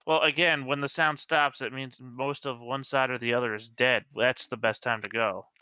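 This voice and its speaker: A man's voice: medium pitch, fairly even intonation, moderate pace, pushed and bright, clear, resonant tone, dry recording. A man playing a tabletop game, making his case in a dry, reasoning way. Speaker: player. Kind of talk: casual chat.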